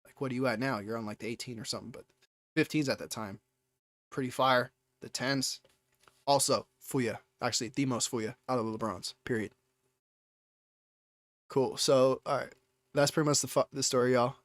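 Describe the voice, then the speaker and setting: A young man streaming live, telling a story in a rambling, excitable way, with many restarts and casual swearing. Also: mid-range voice, normal speed, pauses often, no room sound.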